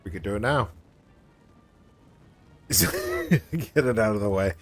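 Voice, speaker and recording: A man's voice: fairly low pitch, animated, slow pace, soft background music. A man hosting a casual game livestream, chatting in a laid-back way and laughing often. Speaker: streamer.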